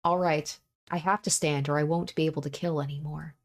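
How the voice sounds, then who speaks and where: A woman's voice: low-pitched, fairly even intonation, brisk. A woman reading the first-person narration of a young man, in a grim, repetitive inner monologue from a visual novel. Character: young man narrating his own bloody fight. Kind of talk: visual novel read aloud.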